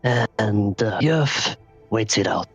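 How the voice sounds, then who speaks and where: Slow riddling old mentor, husky low voice, dull lo-fi call, a man doing it. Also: lively intonation, soft background music, full character voice. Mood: cryptic. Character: wise old male mentor, calm and cryptic.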